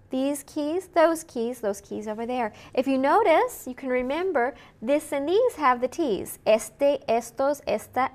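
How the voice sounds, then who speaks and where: A woman teaches a recorded Spanish lesson in a high, animated voice. She speaks slowly and sounds out each phrase for learners to repeat. She explains points in English between the Spanish examples. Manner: slow, clear modeling of phrases for repetition.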